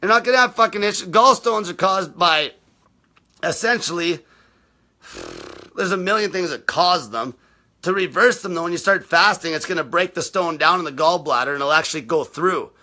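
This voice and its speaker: A man's voice: a little high, normal speed, pushed and bright. A man hosting a live stream, answering viewer questions in a blunt, combative rant and swearing nearly every sentence.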